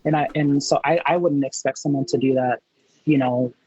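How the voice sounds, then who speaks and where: A man being interviewed, telling a story in a chatty, animated way and acting out his own reactions in quotes. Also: medium pitch, a little fast, dull audio. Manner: chatty with many fillers and restarts. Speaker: interview guest.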